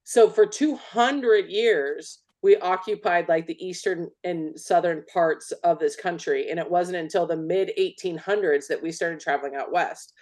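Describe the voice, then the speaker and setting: A woman's voice: lowish voice, measured pace, hardly any pauses, a little mellow. A Californian woman co-hosting a podcast, chatting casually with strong opinions, swearing freely and saying "like" a lot. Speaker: podcast co-host. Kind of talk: casual chat.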